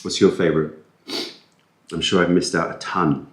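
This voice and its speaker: A man's voice: low-pitched, fairly even intonation, moderate pace, echoey room, background noise. A man chatting casually while eating curry on camera, rambling and self-deprecating, sometimes talking with his mouth full. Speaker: food vlogger. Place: indoors at a table, eating. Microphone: camera-mounted mic.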